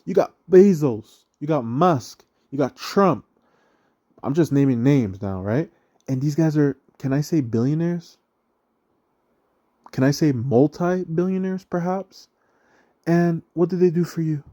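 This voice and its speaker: A man's voice: on the high side, unhurried, long pauses, warm tone. A young man rambling through a casual, profane rant, often tagging "right?" and laughing at his own remarks. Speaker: online religious commentator.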